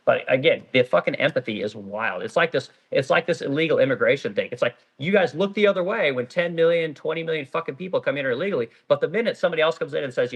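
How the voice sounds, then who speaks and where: A man's voice: on the high side, lively intonation, fast, few pauses, husky. A middle-aged man who owns a small business, ranting bluntly and profanely on a casual livestream while reading out viewer comments. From Oregon. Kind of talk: casual live-stream rant reading comments.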